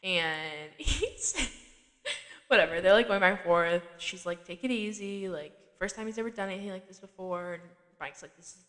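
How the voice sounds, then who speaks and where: A woman podcast host recaps a TV episode in relaxed, conversational talk. Her speech is full of "like" and quick laughs. Her voice sits at a middle pitch, and a long reverb trails behind it. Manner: chatty, laughs often, frequent "like" fillers. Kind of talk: casual chat.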